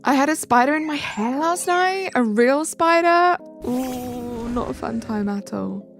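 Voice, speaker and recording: Young woman streamer from England, chatty, slightly high and gravelly, soft music underneath. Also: expressive, a little slow. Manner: chatty, reacts aloud to viewer comments. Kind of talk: live stream chat, reading comments. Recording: faint music behind.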